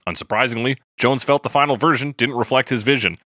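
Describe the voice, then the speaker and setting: A man's voice: mid-range voice, fast, pushed and bright, no echo, clean studio sound. A man hosting a podcast, reading scripted narration and then bantering playfully with his co-host. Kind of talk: scripted narration and casual chat.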